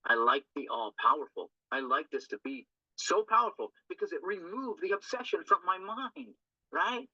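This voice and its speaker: An earnest man works through a recovery reading in a loose, rambling way, often tagging on a quick question to his listeners. His voice is very bright and forward. The recording is dry and dull, with a lo-fi sound. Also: high voice, animated, dry recording. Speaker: recovery group speaker. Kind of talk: informal talk on a recovery text.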